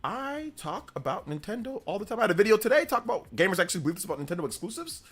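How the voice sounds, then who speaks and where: Lively man hosting a gaming livestream. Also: high voice, racing, slightly rough. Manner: animated storyteller, laughs often, answers chat questions. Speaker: gaming news livestream host. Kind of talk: casual livestream chat.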